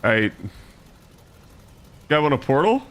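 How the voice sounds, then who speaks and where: A man's voice: on the high side, sing-song, takes it slowly, a bit bright. A man streaming himself playing an online game, chatting loosely with his viewers. He rambles, corrects himself and swears casually. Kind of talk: casual live-stream gaming chat.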